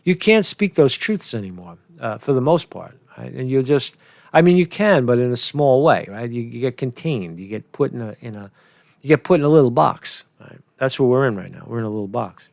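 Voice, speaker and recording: A man giving casual political commentary, rambling and profane, repeating "right?" and chuckling at his own lines. His voice is gravelly, and it sits in a dry, close recording. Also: mid-range voice, animated, a little fast, a little mellow, dry recording. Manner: restarts sentences, chuckles at his own jokes.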